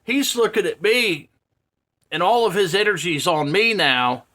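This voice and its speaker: Profane, bright-voiced man in his fifties. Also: high-pitched, unhurried. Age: 50s. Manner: profane, laughing, animated. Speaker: vlogger. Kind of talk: casual storytelling.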